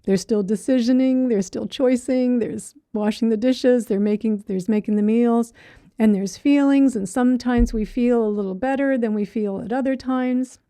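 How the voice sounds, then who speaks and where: A woman's voice: fairly high pitch, normal speed, mellow, dry recording. A middle-aged woman teaching meditation in a conversational way, often acting out inner thoughts in quotes and checking in with "right?". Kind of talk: dharma talk.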